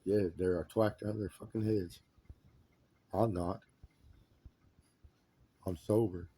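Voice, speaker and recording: A man talking on his own in a rambling monologue, his voice low and very dark and mellow. He sounds agitated and repeats his points with insistence. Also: steady tone, takes it slowly, breathy edge. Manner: agitated, repetitive, emphatic complaints.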